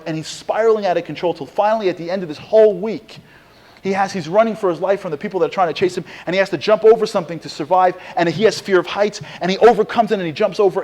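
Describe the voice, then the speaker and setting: Middle-aged guy telling a sermon story, voice a bit high, acts out all the quotes. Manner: animated storyteller, acts out quotes, rising intensity. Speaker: speaker giving a Torah talk.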